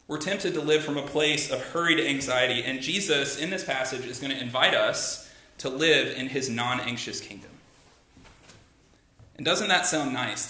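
A man's voice: mid-range voice, sharp tone. A man pastor giving a sermon in a church, talking conversationally and asking the congregation rhetorical questions. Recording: echoey room.

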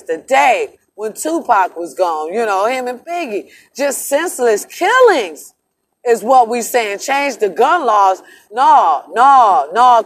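A woman talking straight to her viewers in a casual vlog, emphatic and emotional, swearing freely and calling them "y'all". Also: medium pitch. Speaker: vlogger.

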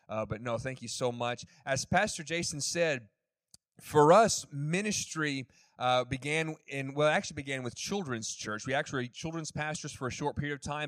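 A man's voice: mid-range voice, no echo, studio quality. A man in his forties from Dallas with a Texan accent, a missionary opening his sermon with chatty, joking asides to the congregation. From Dallas, Texas. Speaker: missionary guest speaker. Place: church sanctuary.

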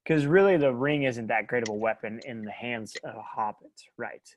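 A man in his thirties co-hosting a podcast, talking in a rambling, animated way and laughing often. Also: medium pitch, normal speed, no room sound, dull audio. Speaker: podcast co-host. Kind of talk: casual chat.

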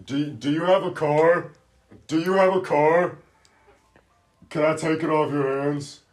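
Young guy talking a bit high, loud crude taunts, swearing nonstop. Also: steady tone, unhurried. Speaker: podcast co-host. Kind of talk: crude prank banter.

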